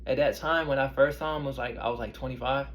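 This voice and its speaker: A man's voice: mid-range voice, fairly even intonation, fast, slight background noise. A man in his thirties who works as a spiritual medium, talking casually to his viewers in a rambling way and often asking them questions. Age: 30s. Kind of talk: casual talk to camera.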